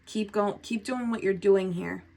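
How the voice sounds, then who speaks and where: Woman tarot reader, warm mellow tone, chatty, expressive and a bit profane. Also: medium pitch, unhurried, gravelly. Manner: chatty and expressive, swears, laughs often. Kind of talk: casual tarot reading.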